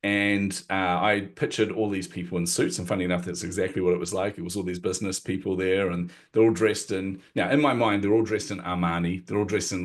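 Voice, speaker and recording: A middle-aged man, a podcast guest, telling a personal story in conversation, acting out quotes and laughing at himself. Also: low voice. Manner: animated, acts out quotes, self-deprecating laughs.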